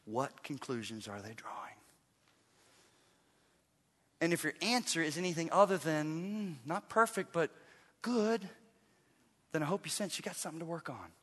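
A middle-aged man preaching a sermon as a pastor, animated, swinging from loud emphatic bursts to hushed intensity. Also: on the high side, moderate pace, long pauses, long reverb tail.

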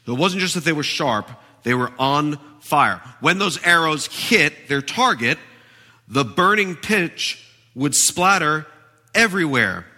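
Brief: male pastor delivering a sermon, emphatic and lively, bright tone, reverberant sanctuary. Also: fairly high pitch. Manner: emphatic, animated preaching.

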